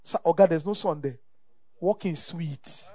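A man's voice: fairly high pitch, unhurried, warm tone, no echo. A middle-aged Nigerian man preaching a sermon as pastor, emphatic and repeating his phrases, calling the congregation for amen.

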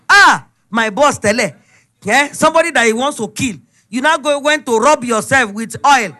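A middle-aged woman with a Nigerian accent tells her testimony as a sermon. Her delivery is emphatic and animated, full of vivid storytelling. The voice is bright and forceful. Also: high-pitched, normal speed. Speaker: speaker giving a testimony. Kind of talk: preaching testimony.

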